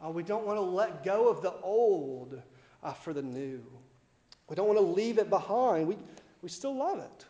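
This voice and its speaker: A man preaching a casual sermon in a relaxed way, with fillers, restarts and light laughs. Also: high voice, normal speed, echoey room, muffled recording. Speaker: pastor.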